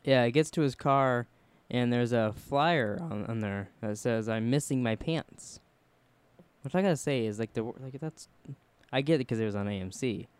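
A man's voice: medium pitch, moderate pace, smooth, no room sound. Rambling man with a resonant, dry voice. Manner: rambling, jokey, acts out characters' lines. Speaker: podcast host. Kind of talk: casual chat recapping a TV episode. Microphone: studio mic.

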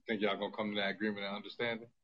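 A man hosting a podcast in casual, joking chat, laid-back and quick to laugh. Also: on the low side, little pitch movement, slight background noise. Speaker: podcast host. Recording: lo-fi audio.

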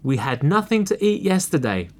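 A man voicing hungry little fox cubs in a storybook, whining in a high, raised voice. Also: big pitch swings, moderate pace, darkish tone. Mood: whiny.

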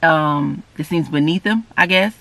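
A man preaching an informal sermon, reading scripture aloud and checking in with listeners with a frequent "okay?", earnest and rising in pitch when he stresses a point. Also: vocal fry, bright, forceful tone, dry recording. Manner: repeats "okay?" often, rereads passages slowly; earnest, rises in pitch and volume when emphatic.

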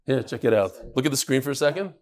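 A man teaching a Talmud class, telling stories and quoting Hebrew and Aramaic terms with lively repetition. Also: mid-range voice, fast. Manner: lively, sprinkles Hebrew and Yiddish terms, repeats words. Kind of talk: animated Talmud class with storytelling.

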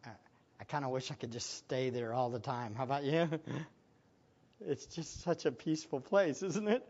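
A man preaching as pastor, swinging between loud excited exclamations and hushed prayer, often laughing and asking the listeners questions. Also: mid-range voice, a little fast, muffled recording. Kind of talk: sermon.

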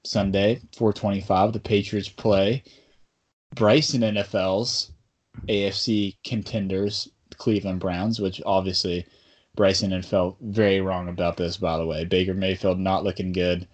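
A man's voice: deep voice, flat delivery, measured pace, muffled recording. A man hosting a casual sports podcast, talking in a rambling, bantering way. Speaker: podcast host.

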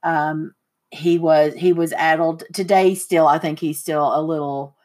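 A middle-aged woman hosting a casual chat podcast, telling stories with lively, acted-out quotes. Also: a little slow. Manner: animated storyteller, acts out quotes with big pitch jumps. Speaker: podcast host.

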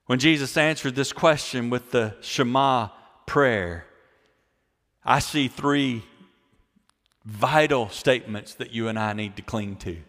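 A male pastor preaching a sermon, repeating key phrases and swinging between loud, emphatic lines and quiet ones. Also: mid-range voice, takes it slowly, long pauses. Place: church sanctuary. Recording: long hall reverb.

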